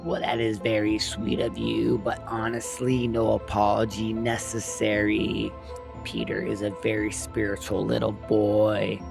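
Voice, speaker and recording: A man voicing a defensive, controlling mother who snaps and yells at a visitor. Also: fairly low pitch, level tone, measured pace, gravelly, over music. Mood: sweetly firm. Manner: yelling, indignant.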